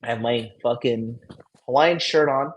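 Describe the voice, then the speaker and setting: A man's voice: medium pitch, a little slow, poor audio. A man telling a story casually, boastful and full of swearing, recorded in a private hospital room. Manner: profane, boastful, heavy swearing. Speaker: dating coach vlogger.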